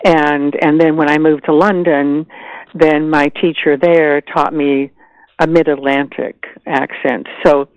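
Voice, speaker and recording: An older woman from the American South, an actress chatting as a guest in an animated way, with frequent restarts. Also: low-pitched, slow pace, clean tone, no room sound, muffled recording. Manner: animated, chatty, laughs easily, many restarts. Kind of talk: casual interview chat.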